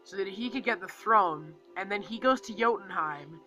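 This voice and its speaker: Bright, high-voiced man rambling about a movie. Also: normal speed, soft background music, low-quality recording. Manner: rambling, filler-heavy, acts out movie lines. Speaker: movie reviewer. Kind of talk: casual movie review monologue.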